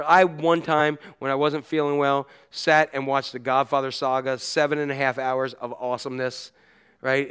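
A middle-aged man preaching a sermon as a pastor, telling stories with animated energy and shouting out the cries he quotes. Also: medium pitch, clear, resonant tone.

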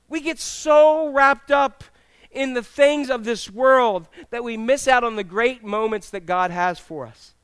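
A middle-aged male pastor preaching a sermon in a church, telling humorous stories with animated, acted-out quotes. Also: very high voice, smooth, no echo. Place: church sanctuary with congregation.

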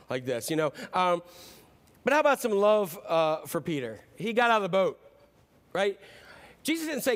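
A man's voice: sits high, very animated, a little fast. A man preaching a sermon in a casual, playful way, acting out the story. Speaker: pastor.

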